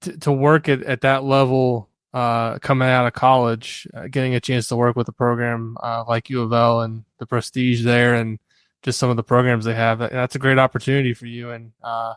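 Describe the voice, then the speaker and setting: A man hosting a sports podcast, talking casually and often filling pauses with "uh". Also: medium pitch, flat delivery, smooth, dry recording. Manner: filler-heavy, conversational with frequent "uh". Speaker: podcast host.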